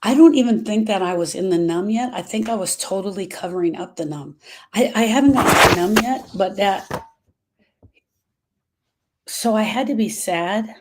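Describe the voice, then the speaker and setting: A middle-aged woman speaking as a grief specialist, talking earnestly to her followers and slowing down on emotional points. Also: mid-range voice, lively intonation, a little hiss or hum. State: emotional, short of breath at moments. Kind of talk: personal talk to followers.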